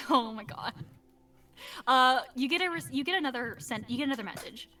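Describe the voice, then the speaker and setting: A woman running a tabletop game with a high, bright voice, narrating chattily with plenty of fillers. She sits back from the mic, and faint music plays underneath. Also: expressive, a little fast, distant mic. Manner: chatty, hesitant with fillers, laughs often. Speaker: game master.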